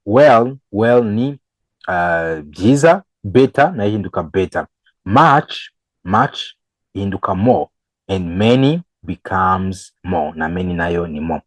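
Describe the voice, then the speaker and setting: A man teaching English grammar, switching between English and Kinyarwanda and repeating each example slowly. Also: sits low, animated, no room sound, rough recording. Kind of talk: bilingual grammar lesson.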